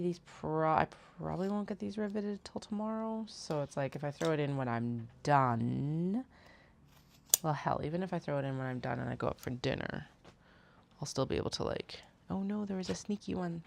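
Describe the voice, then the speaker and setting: Low, gravelly woman chatting while sewing. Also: slight background noise. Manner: chatty, thinks aloud, self-mocking. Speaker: host, bag maker. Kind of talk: casual livestream chat while sewing.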